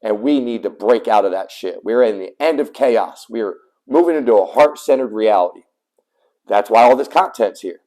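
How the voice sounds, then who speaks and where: A man in a heated, profane rant straight to camera, blunt and emphatic, with sudden loud bursts as he tells his story. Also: lowish voice, lively intonation, moderate pace, low-quality recording. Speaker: small business owner telling his custody story.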